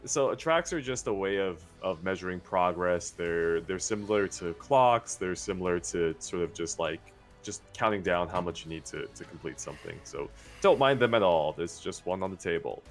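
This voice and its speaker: Deep-voiced guy gm'ing a tabletop game, laid back, lots of ums, faint music behind. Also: moderate pace, few pauses. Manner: relaxed, hesitant, lots of fillers. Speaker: game master.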